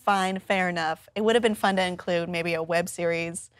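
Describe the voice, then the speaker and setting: A woman co-hosting a casual pop-culture discussion, animated and opinionated, laughing often. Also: fairly low pitch, moderate pace, no room sound, clean studio sound. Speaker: co-host.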